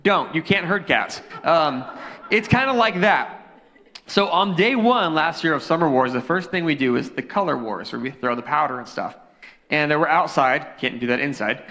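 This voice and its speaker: A young man, a youth pastor, preaching casually into a handheld mic, telling a story with jokes and animated asides. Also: fairly high pitch, normal speed. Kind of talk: sermon. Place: church sanctuary. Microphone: handheld microphone. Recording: long hall reverb.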